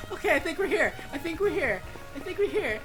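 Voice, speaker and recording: A woman's voice: extremely high pitch, very animated, brisk, over music, low-quality recording. A woman streaming a horror game, reacting with jumpy swearing and chatting with her viewers. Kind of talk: live gameplay commentary.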